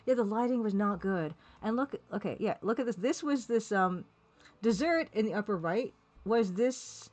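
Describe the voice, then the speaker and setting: A woman streaming live, chatting casually and rambling while reading viewers' comments, laughing now and then. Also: mid-range voice. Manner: chatty, rambling, laughs often, reads chat aloud.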